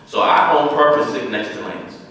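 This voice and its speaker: Earnest low-voiced man in an echoey hall. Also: moderate pace, sharp tone, distant mic. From Dallas, Texas. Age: 50s. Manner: earnest, repeats phrases for emphasis. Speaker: former police chief giving a speech. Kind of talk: personal storytelling speech. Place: large hall, speaking to an audience.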